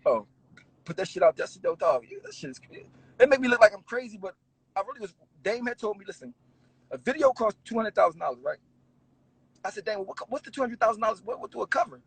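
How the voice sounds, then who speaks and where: A man's voice: high voice, fast talker, gravelly, husky, no echo, rough recording. A man, a rapper telling stories in a casual interview, swearing and laughing as he goes. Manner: animated, swearing, laughing storyteller.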